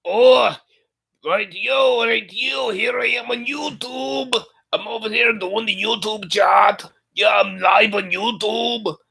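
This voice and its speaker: A man putting on an impression of a crude, boisterous male film character during a livestream, loud and hooting. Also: high-pitched, takes it slowly, gravelly, breathy edge, voice pushed up, heavily acted. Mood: rowdy gloating. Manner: loud, hooting, sing-song.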